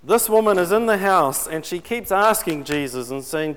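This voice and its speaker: A man's voice: fairly high pitch, normal speed, hardly any pauses, fairly bright tone, clean tone. A man preaching a sermon in a conversational way, putting questions to his congregation. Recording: long reverb in a large hall.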